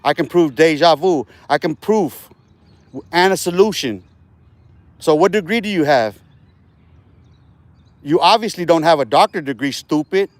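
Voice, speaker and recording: A man's voice: on the high side, lively intonation, measured pace, long pauses, no echo. A man livestreaming outdoors in a park while walking, talking casual street slang and boasting with profanity.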